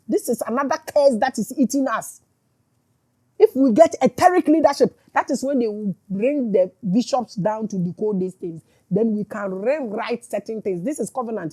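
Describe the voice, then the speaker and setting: A woman's voice: on the high side, slightly rough. A woman with a Ghanaian accent preaching with passion as a spiritual teacher, mixing English and Twi and building to emphatic outbursts. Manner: emphatic, switches between English and Twi, rises to shouting. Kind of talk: impassioned preaching.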